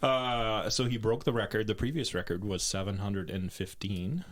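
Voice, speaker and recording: A man's voice: on the low side, moderate pace, a bit bright. A man co-hosting a podcast in casual chat, laid-back as he brings up odd news items. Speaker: podcast co-host reading news stories.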